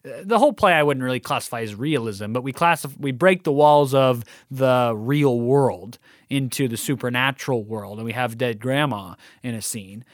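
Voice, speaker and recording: A man's voice: mid-range voice, moderate pace, no room sound, clean studio sound. Man guiding a discussion of a play. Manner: explanatory, asks guiding questions.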